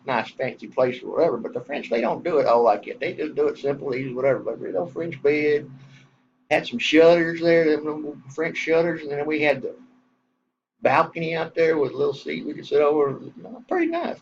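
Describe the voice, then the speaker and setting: A man's voice: a little high, a little fast, gravelly, dull audio, slight background noise. A middle-aged Texan man telling a rambling, folksy story in a casual way, with some casual swearing. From Southern US.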